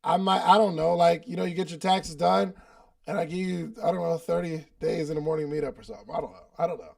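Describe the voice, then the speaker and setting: A man's voice: a little high, fast talker, creaky. A man hosting a live coaching session, talking loosely and casually with slang and repeated phrases for emphasis. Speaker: podcast host and business coach. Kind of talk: casual coaching talk at a live online meeting.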